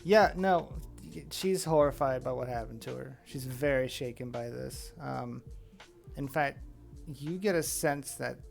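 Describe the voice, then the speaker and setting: A man narrating as game master of a tabletop game, with relaxed, laughing asides. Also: mid-range voice, a little slow, creaky, faint music behind.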